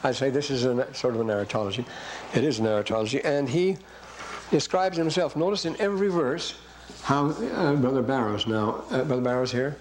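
A man's voice: mid-range voice, brisk, a little hiss or hum, low-quality recording. A man teaching a scripture class who reads verses aloud and keeps breaking off to comment and question the class. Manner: rambling, asks the class questions.

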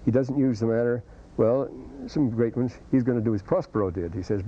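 A man's voice: mid-range voice, a little fast, mellow. A man lecturing a university class on scripture, wandering off into scholarly asides as he reads and explains passages. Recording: dull lo-fi cassette lecture tape.

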